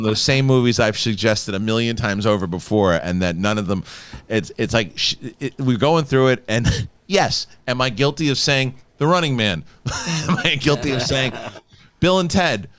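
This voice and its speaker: A man's voice: medium pitch, a bit bright. A man with a Chicago accent hosting a casual panel chat on a studio mic, rambling, repeating himself and swearing. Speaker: host.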